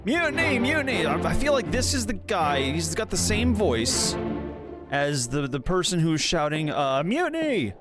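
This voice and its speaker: A man's voice: fairly high pitch, expressive, a little slow. A man streaming a game, thinking aloud in casual commentary with mild swearing. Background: loud game music.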